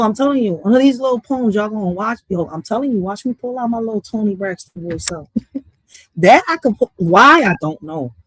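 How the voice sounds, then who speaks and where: A woman's voice: medium pitch, dry recording. Thirties woman streamer, loose profane chat, laughs a lot, dry close sound. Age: 30s. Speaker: poet and streamer. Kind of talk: casual chat to viewers.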